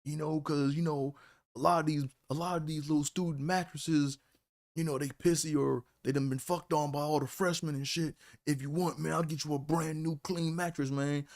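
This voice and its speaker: A man putting on a smooth young dorm hustler. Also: on the high side, steady tone, normal speed, a little mellow, pitched above the performer's own voice, natural voice. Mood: persuasive. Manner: smooth, persuasive, repeats "man". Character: friendly young male dorm-mate hustler.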